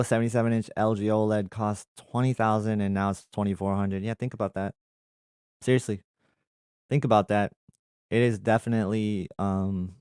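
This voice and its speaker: A young adult man talks loosely through viewer comments, circling back with plenty of ums and likes. His voice sits a little low and comes across smooth and resonant. The sound is dry and close, with no room around it. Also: darkish tone, no room sound. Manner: conversational, reads comments aloud then rambles with fillers. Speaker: tech channel host answering viewer comments. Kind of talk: casual live chat.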